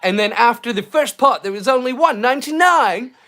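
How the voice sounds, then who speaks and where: This Scottish man's voice is very high-pitched, brisk and sharp, with lively intonation, as he hosts a casual livestream from his rural Scottish home. His talk rambles, peppered with slang and restarts.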